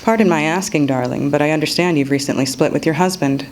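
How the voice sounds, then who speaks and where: A woman's voice: low-pitched, fast talker, a little mellow, slight background noise. Woman reading as charming teasing Englishman. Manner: teasing, theatrical banter. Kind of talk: reading a novel excerpt aloud.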